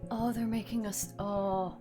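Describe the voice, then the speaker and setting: A woman streaming a game, reacting with excited, rambling commentary. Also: medium pitch, measured pace, music in the background. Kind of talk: let's-play reaction commentary.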